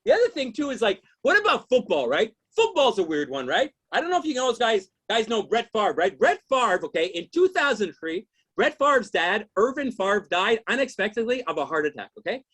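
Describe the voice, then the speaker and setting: A man's voice: high voice, big pitch swings, fairly quick, few pauses, a bit bright. Exasperated ranting stand-up man. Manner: ranting, exasperated, swears often, keeps asking "you know what I mean?". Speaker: stand-up comedian. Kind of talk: stand-up routine.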